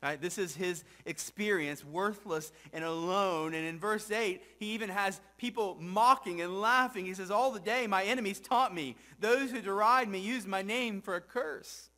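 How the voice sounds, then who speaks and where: High-voiced pastor preaching reflectively. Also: male voice, normal speed, hardly any pauses. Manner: reflective preaching, often drops soft and low for scripture; asks the congregation rhetorical questions, frequent "right?". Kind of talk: sermon. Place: church sanctuary with congregation.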